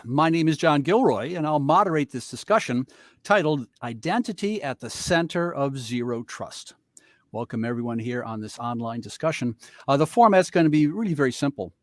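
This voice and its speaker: A man's voice: medium pitch, expressive, moderate pace, dry recording, clean studio sound. A man moderating an online panel, introducing guests with playful teasing jokes over a video call. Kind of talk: joking webinar moderation.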